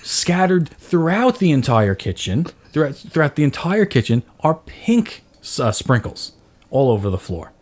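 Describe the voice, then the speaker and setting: In a fairly high, unhurried voice, a man in his thirties relays a story as a podcast host in relaxed chat. He gets animated, performing his own yelling whenever he quotes himself.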